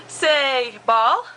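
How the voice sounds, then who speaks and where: Young mother at home, high sing-song baby talk, slow and coaxing, noisy home video. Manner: sing-song, playful, repeats words slowly.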